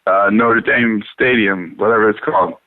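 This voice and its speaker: A man hosting a talk show in loose, profane casual chat, rambling and animated. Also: on the low side, normal speed, no room sound. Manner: rambling, swears a lot, animated. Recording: dry, phone-like radio sound.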